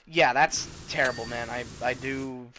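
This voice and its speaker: A man's voice: mid-range voice, steady tone, unhurried, pushed and bright, slight background noise, rough recording. A young man streaming a game live, chatting casually, reading chat aloud and swearing freely.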